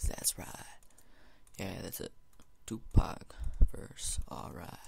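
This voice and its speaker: A man's voice: low-pitched, huge pitch swings, slow, gravelly. A man giving rambling let's-play commentary on a gaming headset, mumbling and drifting into whispered asides. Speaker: gamer commentator.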